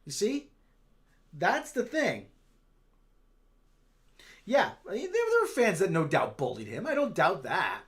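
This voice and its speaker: Guy hosting a stream, keeps restarting his sentences, pitch moves around a lot. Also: huge pitch swings, fairly bright tone. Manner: halting, restarts a lot, argues his point. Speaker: streamer host. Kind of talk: casual livestream chat.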